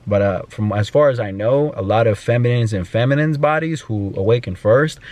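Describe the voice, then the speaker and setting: A man's voice: mid-range voice, fairly quick, a little mellow. A man talking in a personal vlog, rambling and emotional, with many fillers, sometimes talking to himself. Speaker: vlogger.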